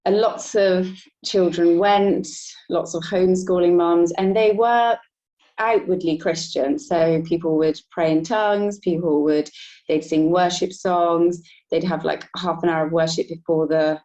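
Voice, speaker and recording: A woman guest telling a personal story in a relaxed interview, often laughing lightly between thoughts. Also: fairly low pitch, measured pace. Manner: reflective, laughs between thoughts, many restarts. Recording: dull lo-fi sound.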